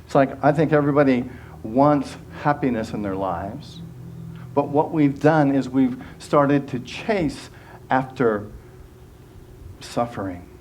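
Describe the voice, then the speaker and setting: A man's voice: mid-range voice, slow, darkish tone, slight background noise. A man giving a sermon as minister, earnest and conversational, often restarting phrases and acting out quoted voices.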